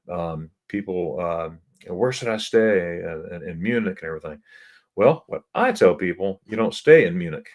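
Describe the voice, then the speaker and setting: Deep-voiced chatty man telling a travel story. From United States. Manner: chatty, laughs often, repeats words. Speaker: travel host. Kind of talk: casual live-stream storytelling.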